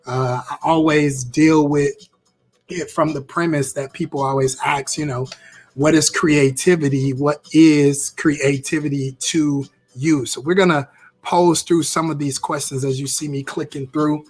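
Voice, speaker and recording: A man's voice: on the high side, steady tone, unhurried, darkish tone. A man teaching a live-streamed interactive class on creativity, upbeat, repeating phrases as he reacts to viewer comments.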